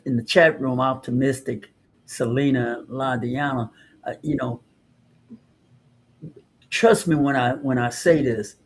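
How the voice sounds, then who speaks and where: A man's voice: mid-range voice, a little hiss or hum. A man co-hosting a show, giving an earnest, preachy motivational talk with many restarts. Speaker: podcast co-host.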